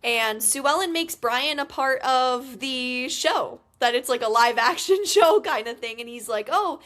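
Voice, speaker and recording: A young woman co-hosting a movie rewatch podcast, recapping scenes in animated, exasperated casual chat and swearing freely. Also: sits high, measured pace. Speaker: podcast co-host.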